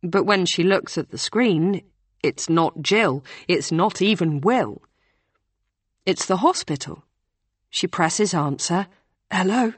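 A woman's voice: lowish voice, animated, slow pace, slightly rough, dry recording. Woman narrating an audiobook. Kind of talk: scripted narration.

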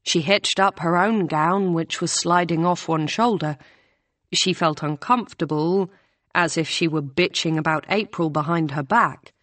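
A woman reading a novel aloud as audiobook narrator, in a measured storytelling manner. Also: lowish voice, fairly bright tone, no room sound. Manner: measured, voices characters with small shifts. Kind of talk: scripted narration.

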